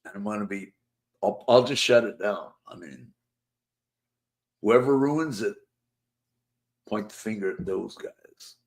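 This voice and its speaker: A live show host with a fairly low voice speaks at a measured pace with long pauses. He rambles through a chat stream in a laid-back, joking way, humming and singing snippets of songs between comments.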